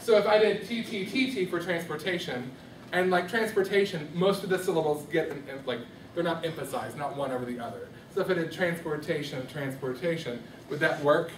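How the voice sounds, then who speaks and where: In a classroom microteaching lesson, a man teaches a music class, steadily questioning the students and coaxing them to answer. His voice sits a little high and runs a little fast. The recording is from a distance, with the classroom's roomy echo and a faint hum of ambience behind him.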